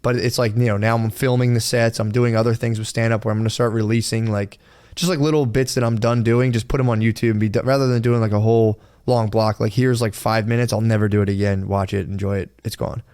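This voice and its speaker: A man co-hosts a casual podcast in a lowish, clear, resonant voice that's a little mellow, talking fast with flat delivery. He rambles through his own experiences, swearing freely and quoting himself in other voices.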